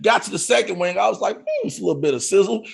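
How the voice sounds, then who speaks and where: A man's voice: sits high, racing, vocal fry, breathy edge. A man co-hosting a comedy show on a video call, telling a story with lots of laughing and acted-out yelps. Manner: animated, laughing through the story, acting out his own shouts. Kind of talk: storytelling stand-up. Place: home setup on a video call. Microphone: video call mic.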